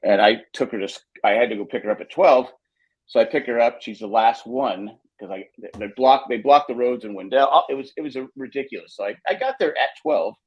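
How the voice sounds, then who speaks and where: A man's voice: mid-range voice, brisk, slightly rough, highs cut off. An older man co-hosting a podcast, chatting casually and telling rambling stories with many restarts. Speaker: podcast co-host. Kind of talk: casual chat.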